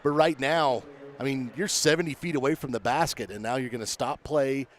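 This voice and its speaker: A man's voice: medium pitch, fairly quick. Conversational color commentator man. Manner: conversational, explains fouls and strategy.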